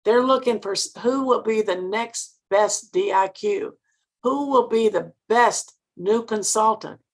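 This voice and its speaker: An older woman gives an earnest motivational talk and keeps putting questions straight to her listeners. Her voice is gravelly and a little husky, with a preacherly cadence. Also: mid-range voice, a little slow. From Mississippi, US. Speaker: sales director giving a training talk.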